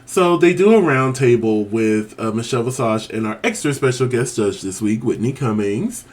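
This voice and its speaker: A man co-hosting a casual TV review chat, animated and laughing often, acting out his own reactions in big exaggerated bursts. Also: medium pitch, normal speed. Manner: laughs often while talking. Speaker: co-host of a TV review show.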